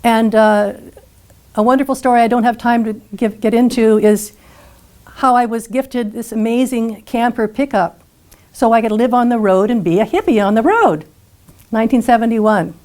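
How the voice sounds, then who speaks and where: Older woman, storytelling speaker, earnest and lively, slightly high voice. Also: moderate pace. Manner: earnest, animated retelling with acted dialogue. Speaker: speaker telling her life story. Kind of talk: personal storytelling talk.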